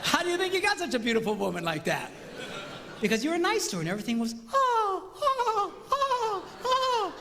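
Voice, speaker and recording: With an extremely high, racing voice full of vocal fry, a middle-aged man gives a comic marriage talk to a live audience. He acts out voices and jokes with the crowd animatedly. The hall reverb carries faint ambience plus a little hiss or hum.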